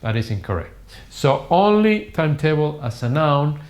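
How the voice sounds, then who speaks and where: A man's voice: fairly high pitch, sing-song, moderate pace. A middle-aged man whose first language is Spanish, teaching a live online English lesson in a classroom and drilling words with emphatic repetition. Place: classroom with whiteboard.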